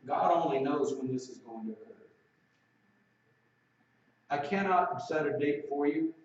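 Male preacher, slightly high voice, emphatic sermon delivery, distant, dull, echoing recording. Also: expressive. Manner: preaching with emphatic, drawn-out scripture reading. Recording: roomy echo, distant mic, dull lo-fi sound.

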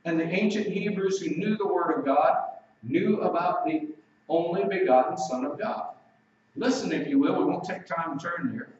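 A man preaching a sermon emphatically, slowing down to read scripture aloud. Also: on the high side, a little mellow, slight background noise. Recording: echoey, distant, dull recording.

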